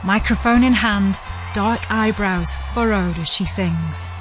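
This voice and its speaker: A woman giving scripted narration as a podcast host, vivid and measured. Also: medium pitch, music in the background.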